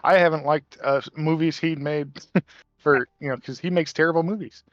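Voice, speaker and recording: A man chatting casually with friends over a voice call, hedging his points and quick to laugh. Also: a little high, fairly even intonation, dry recording, dull audio. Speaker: player.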